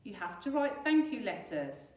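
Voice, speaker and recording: A woman's voice: mid-range voice, very animated, moderate pace, a little mellow, far from the mic, pitched above the performer's own voice, natural voice. A woman voicing a stern, weary father who speaks firmly. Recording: echoey room, away from mic.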